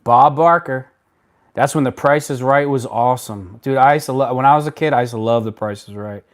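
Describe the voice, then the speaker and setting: A man hosts a casual live stream, talking straight to his viewers at his computer mic. He is blunt and rambling, breaks off and restarts sentences, and swings from loud outbursts to low mutters. His voice sits at an ordinary middle pitch. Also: a little fast. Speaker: livestream host. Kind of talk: casual live-stream chat reading comments.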